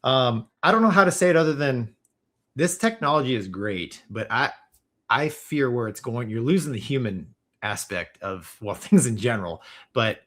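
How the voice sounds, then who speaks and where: A man co-hosting a casual podcast, pausing and searching for words as he weighs a point. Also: medium pitch, expressive, a bit bright. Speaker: podcast co-host. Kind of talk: casual chat.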